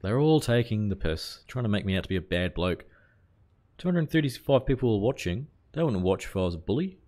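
A man's voice: lowish voice, a little fast. A man, chatting casually with viewers while streaming a cricket video game. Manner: relaxed, chatty, greets viewers while playing, mild swearing. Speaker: livestreamer. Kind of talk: casual live game commentary.

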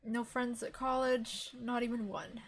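A woman's voice: fairly high pitch, little pitch movement, measured pace, lightly acted. A woman voicing an anxious, self-deprecating young woman who mutters in a mopey, sarcastic way.

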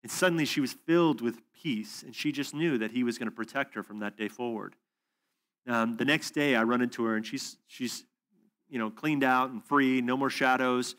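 A man's voice: medium pitch, moderate pace, fairly bright tone. A man teaching at a faith conference, telling stories in a casual, conversational way with fillers and asides. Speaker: preacher.

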